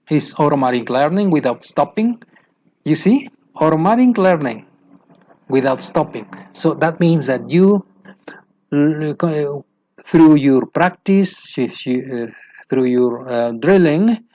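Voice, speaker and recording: Slow, halting man with Mexican Spanish accent. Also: fairly high pitch, mellow. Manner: halting, repeats and restarts phrases, asks rhetorical questions. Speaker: English teacher trainer. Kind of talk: lecture to teachers. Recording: dull lo-fi sound.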